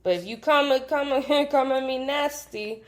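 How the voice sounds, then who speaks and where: A woman's voice: high-pitched, a little slow, crowd noise. A young woman, a podcast guest, chatting casually with lots of fillers and frequent laughs. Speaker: podcast guest, host's best friend. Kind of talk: casual chat.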